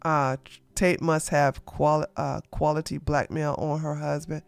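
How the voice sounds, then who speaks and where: A live streamer giving animated drama commentary, laughing and talking back to the chat. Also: medium pitch, unhurried, gravelly, smooth, no room sound, faint music behind.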